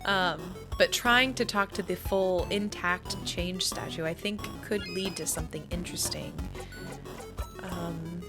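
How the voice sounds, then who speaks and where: Chatty woman thinking aloud over game music. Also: medium pitch. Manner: rambling and thinking aloud, with light laughs. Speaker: gaming video host. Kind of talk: casual let's-play commentary.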